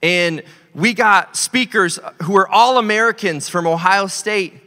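A man preaching a storytelling sermon to a church, his voice bright and a little high for a man. He swings between loud, animated bursts and hushed, earnest stretches. The sound carries a long hall reverb from the church auditorium. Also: a little slow. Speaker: pastor.

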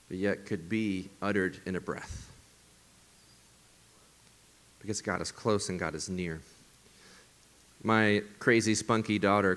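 A male pastor delivering a sermon in a church service, preaching with emphasis and often dropping to hushed, breathy whispers. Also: fairly low pitch. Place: church service streamed to viewers at home.

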